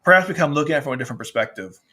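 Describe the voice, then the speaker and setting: A man's voice: a little high, expressive, very fast, pushed and bright. A man casually chatting as a manga reviewer, rambling and restarting often, sometimes acting out characters' lines. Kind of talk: casual chat.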